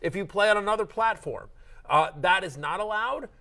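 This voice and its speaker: A middle-aged man with a fairly high voice hosts a fantasy football show. He chats casually and jokes around, restarting his sentences and wandering off into asides. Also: lively intonation, normal speed, gravelly, sharp tone. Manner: chatty, joking, lots of restarts and asides. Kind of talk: casual sports chat.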